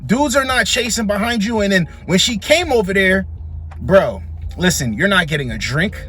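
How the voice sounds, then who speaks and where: A man's voice: high voice, expressive, moderate pace, a bit bright, soft background music. A man giving blunt, slangy reaction commentary on dating clips, scolding and dismissive.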